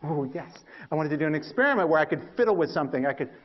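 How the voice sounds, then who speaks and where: A man giving a university lecture, telling stories about his early research with lively, self-mocking humor and acting out his own past reactions. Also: on the high side, very fast, lo-fi sound. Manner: animated storytelling, acts out his past thoughts. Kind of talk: lecture with personal anecdotes.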